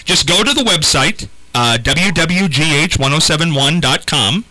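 Lively, bright-voiced radio host. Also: male voice, on the high side, normal speed, no room sound, rough recording. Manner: animated, self-deprecating, many restarts. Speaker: radio morning show host. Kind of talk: casual on-air banter and call-in. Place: radio studio. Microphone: studio microphone.

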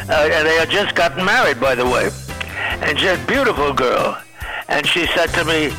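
A man's voice: a little high, fairly quick, bright, forceful tone, soft background music, low-quality recording. An older male comedian telling a rambling anecdote on a talk show, chuckling as he goes. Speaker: comedian guest.

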